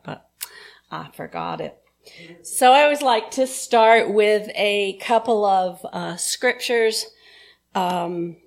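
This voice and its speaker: A woman's voice: on the low side, gravelly. A woman minister giving a sermon in a chatty, informal, self-deprecating way.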